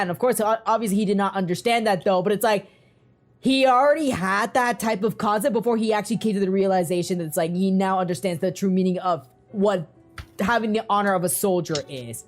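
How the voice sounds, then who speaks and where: A woman's voice: medium pitch, brisk, faint music behind. A woman co-hosting a casual fan discussion, talking in an emotional, gushing way and rambling with lots of fillers. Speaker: podcast co-host.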